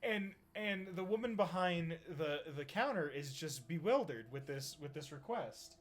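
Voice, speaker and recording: A man's voice: a little high, expressive, normal speed. A young man chatting casually while streaming a game, joking, teasing and telling a rambling joke. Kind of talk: casual chat while gaming.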